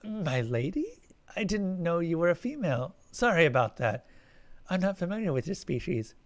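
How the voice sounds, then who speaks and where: A man's voice: on the high side, very animated, normal speed, voice pushed up. A man voicing a flustered young human man who talks in a hesitant, stammering way. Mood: apologetic.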